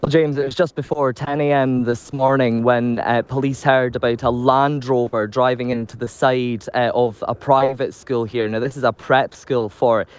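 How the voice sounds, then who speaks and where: A man reporting live from a news scene, measured and sombre, with occasional ums. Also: mid-range voice, fairly even intonation, clean tone. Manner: measured, sombre delivery with fillers.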